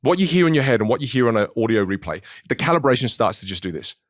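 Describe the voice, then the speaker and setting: A man in casual podcast chat, explaining things in an animated way and acting out people's reactions. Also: mid-range voice, fast talker, dry recording, studio quality.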